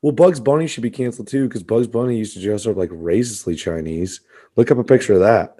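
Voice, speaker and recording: A young man co-hosting a comedy podcast, riffing in an animated, mock-outraged way and laughing often. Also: on the low side, fast talker, slightly rough. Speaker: podcast co-host. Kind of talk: casual comedic chat.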